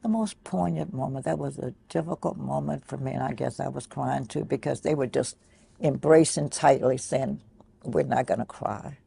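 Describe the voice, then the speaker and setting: Older woman, deeply gravelly, husky, soft-spoken, pausing often, personal recollection. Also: steady tone. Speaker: interviewee.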